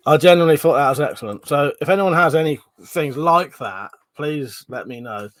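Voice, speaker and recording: A man's voice: fairly high pitch, expressive, normal speed, hardly any pauses, fairly bright tone, dry recording. A man hosting a casual livestream, chatty and laughing often, with plenty of swearing. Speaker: livestream host. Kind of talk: casual live chat reading comments.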